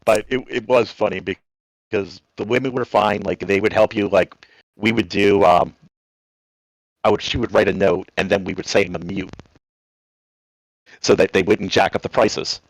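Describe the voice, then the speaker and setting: Rambling Jersey man, deep dry voice. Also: moderate pace, long pauses, no echo, low-quality recording. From New Jersey. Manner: rambling, animated, acts out voices in anecdotes. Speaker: caller. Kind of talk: casual storytelling on a call.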